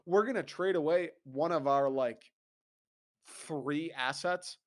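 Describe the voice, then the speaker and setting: A young man with a slightly high voice takes his time as he hosts a sports talk podcast, ranting with profane exasperation and mocking laughs.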